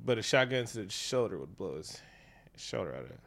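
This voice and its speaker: A man co-hosting a casual chat, talking in an animated, profane way and breaking into funny voices. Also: lowish voice, a little fast, gravelly. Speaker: podcast co-host.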